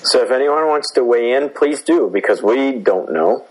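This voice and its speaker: A man with an average-pitched voice co-hosts a casual podcast, teasing his friends and joking around. His talk is loose and conversational. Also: lively intonation, normal speed, breathy edge, rough recording. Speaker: podcast co-host. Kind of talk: casual chat.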